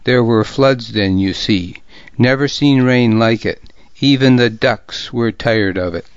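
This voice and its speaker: A wry, easygoing Irish warrior with a dry sense of humor, as a man reading the story puts him on. He jokes at a slow, unhurried pace, and the recording sounds dry and a bit dull. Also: mid-range voice, clean tone, dry recording, natural voice. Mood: amused. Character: wry older male Irish warrior, joking.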